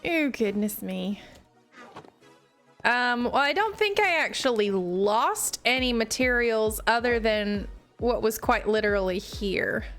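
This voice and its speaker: A woman's voice: fairly high pitch, slow pace, fairly bright tone, soft background music. A young woman streaming a building game live, chatting casually to her viewers and laughing often at her own mishaps. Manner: giggly, self-mocking, laughs often. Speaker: Minecraft streamer. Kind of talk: casual live gameplay chat.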